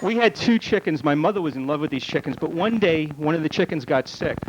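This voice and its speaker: Man telling one-liners on a club stage. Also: fairly high pitch. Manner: rapid one-liners, deadpan punchlines. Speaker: stand-up comedian. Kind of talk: stand-up comedy set. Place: comedy club stage, live. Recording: noisy old camcorder tape.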